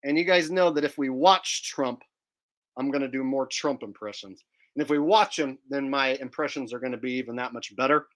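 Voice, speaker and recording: A man's voice: medium pitch, brisk, fairly bright tone. A man hosting a joking live stream commentary, chatting directly to his viewers. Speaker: streamer and host.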